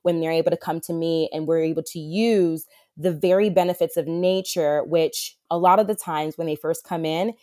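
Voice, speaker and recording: In a conversational interview recorded with clean studio sound and no room echo, a wilderness therapist for adolescent boys speaks in a low, dark, steady voice. She talks at a moderate pace with few pauses, sounding earnest and heartfelt despite many fillers.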